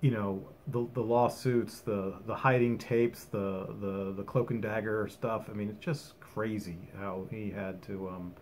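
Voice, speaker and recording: A man's voice: on the low side, steady tone, a little slow, hardly any pauses, a little mellow, a little hiss or hum. A man giving a casual, rambling album review at home, enthusiastic and full of ums and restarts. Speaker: music vlogger.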